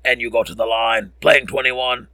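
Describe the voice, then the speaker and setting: A man's voice: mid-range voice, steady tone, normal speed, gravelly, pushed and bright. A man hosting a podcast, rambling through sports scores with jokes and frequent self-corrections. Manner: rambling, joking, corrects himself often. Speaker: podcast host. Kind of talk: casual sports score recap.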